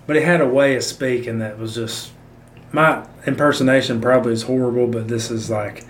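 A man's voice: mid-range voice, fairly even intonation, fairly quick. A man in casual chat, telling stories in a slangy, laid-back way. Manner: laid-back storyteller, slangy, imitates his old coach. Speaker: podcast co-host telling stories. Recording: echoey room with faint noise.

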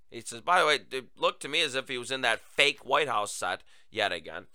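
A man's voice: mid-range voice, normal speed, few pauses, sharp tone, smooth, no echo, studio quality. A male talk show host giving political commentary in a sarcastic, emphatic, mocking way.

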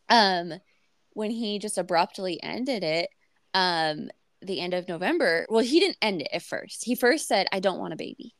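A woman's voice: medium pitch, fairly bright tone, no room sound, clean studio sound. A woman in her thirties telling a personal story on a podcast, candid and emotional, with many fillers and restarts. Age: 30s. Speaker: podcast host.

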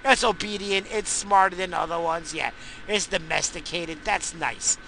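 A man in a profane, angry rant who swears constantly and bursts into shouting. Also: sits high, normal speed, creaky, slight background noise, rough recording.

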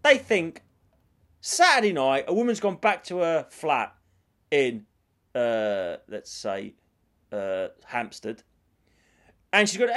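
A man's voice: on the high side, very animated, slow pace, long pauses, a bit bright. A man co-hosting a casual comedy chat, ranting and swearing with mocking impressions of people. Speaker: podcast co-host.

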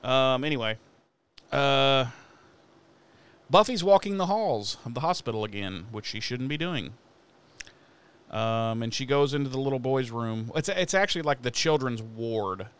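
Guy recapping an episode, lots of swearing, does the characters' lines, smooth clear voice. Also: medium pitch, measured pace, long pauses. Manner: animated, swears a lot, acts out characters' lines. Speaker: podcast co-host recapping an episode. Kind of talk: casual profane recap chat.

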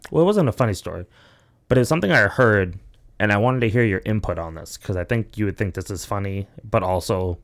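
A young man hosts a podcast, speaking fast in a lowish voice with lively intonation. In casual chat he spins long, rambling, profane stories packed with "like" and "you know."

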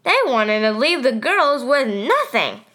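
A woman's voice: fairly high pitch, sing-song, measured pace, a bit bright. A woman narrating a story in first person, telling it plainly and steadily.

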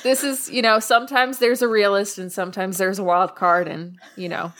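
A woman's voice: medium pitch, little pitch movement, normal speed, a bit bright. A woman co-hosting a podcast in casual chat, playful and joking. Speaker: podcast co-host.

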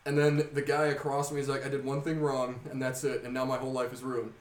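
A young man with a mid-range voice chats loosely on a podcast at a quick pace, recorded from a distance in a roomy space. He's an animated storyteller who swears heavily and laughs often.

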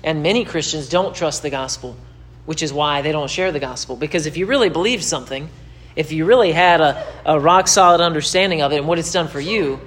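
A man's voice: a little fast, a bit bright. Emphatic preacher man, repetitive. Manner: emphatic, repetitive, climbs in pitch when exhorting. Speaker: pastor. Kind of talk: sermon-style teaching to camera.

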